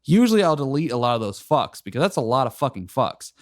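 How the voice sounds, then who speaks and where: A young man in his twenties co-hosting a casual podcast, animated, often laughing and swearing. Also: medium pitch, fast, dry recording, clean studio sound. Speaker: podcast co-host and editor. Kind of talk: casual chat.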